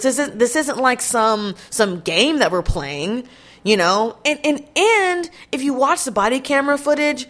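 A woman vlogger with a high, animated, slightly bright voice comments on a news story at a measured pace. She speaks directly to her viewers, chatty but blunt and indignant, swearing plenty.

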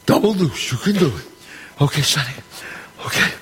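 An actor playing a middle-aged gangster boss who runs a dice game. He is loud and bossy, and he swears and throws insults around freely. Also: fairly high pitch, lively intonation, moderate pace, breathy edge, exaggerated voice. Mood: boisterous. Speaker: mob boss at a craps game. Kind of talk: film dialogue. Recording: echoey hall sound with faint ambience.

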